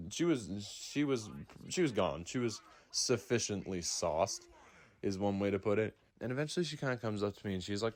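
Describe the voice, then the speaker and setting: A young man telling a school story in a laid-back, casual way, full of likes and fillers. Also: low voice. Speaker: storytime narrator.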